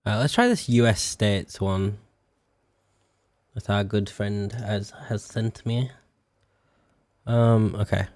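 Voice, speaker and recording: Slow, low-voiced British streamer. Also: male voice, a little mellow, no room sound. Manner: self-mocking and sweary, drags out words while spelling. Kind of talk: casual live-stream chat while playing.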